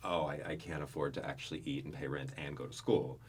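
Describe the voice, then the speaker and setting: A man in his thirties, a podcast guest telling candid personal stories in casual chat, sometimes dropping to a hushed whisper. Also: rumbling low, steady tone, fast, husky.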